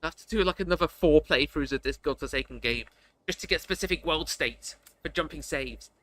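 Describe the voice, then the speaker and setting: A streamer reading a narrative game's text aloud and commenting on it in an animated, self-mocking way, laughing often. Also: mid-range voice, a little fast, a little hiss or hum. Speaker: streamer playing a narrative game.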